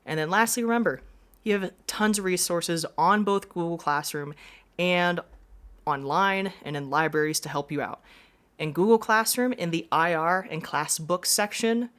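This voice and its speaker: A woman's voice: lowish voice, moderate pace, a bit bright. A woman teacher giving a classroom lesson, explaining step by step with frequent reminders.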